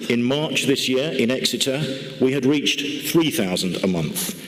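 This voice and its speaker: Measured man speaking in an echoing hall. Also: mid-range voice, lively intonation, a bit bright. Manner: measured, dry humour, deliberate. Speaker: party lottery organiser giving a conference report. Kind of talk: conference speech. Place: large church hall used for a conference. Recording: long hall reverb.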